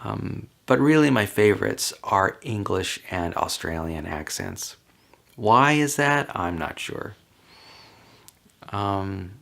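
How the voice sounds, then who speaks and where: Low, gravelly-voiced man rambling casually. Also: a bit bright. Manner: rambling, chatty, with frequent ums and light laughs. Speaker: vlogger. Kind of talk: casual solo talk answering questions.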